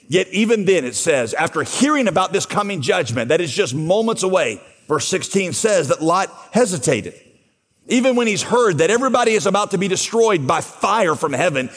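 A man preaching a sermon, telling a Bible story and voicing its dialogue as he goes. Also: fairly high pitch. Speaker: pastor. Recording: long hall reverb.

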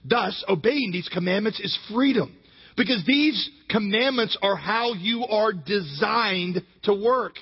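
A man preaching a sermon in a lively, joking way, tossing rhetorical questions at his listeners. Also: high voice, measured pace, slightly rough. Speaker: pastor. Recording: dull recording with long hall reverb.

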